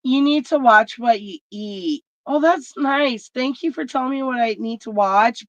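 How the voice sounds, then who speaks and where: A woman on the high side tells stories as a vlog host, her casual rant blunt and full of profanity. No room sound is audible; the lo-fi audio is dry and dull.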